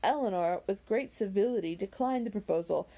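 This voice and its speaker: A woman's voice: mid-range voice, a little fast, warm tone. A woman reading a classic novel aloud chapter by chapter, then chatting about it in a rambling, self-deprecating way. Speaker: reader of an audiobook series.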